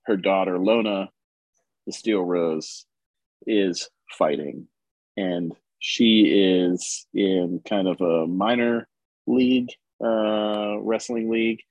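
Low-voiced man rambling through a comic plot. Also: takes it slowly, no echo, highs cut off. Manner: relaxed, rambling with many ums and uhs. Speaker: podcast co-host reviewing comics. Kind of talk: casual chat, retelling a comic's plot.

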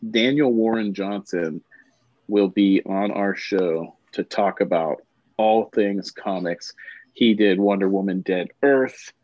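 A man's voice: fairly low pitch, slow, darkish tone, dry recording, dull audio. A man co-hosting a comics podcast, chatting enthusiastically in a casual style. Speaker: podcast co-host. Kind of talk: casual chat.

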